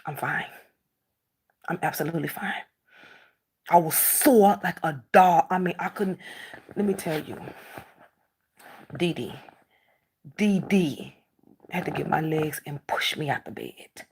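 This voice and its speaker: Woman, middle-aged, low voice, gravelly, casual monologue, emphatic and repetitive. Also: a little slow, long pauses, a little mellow, a little hiss or hum. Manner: emphatic, repeats herself, acts out quoted dialogue.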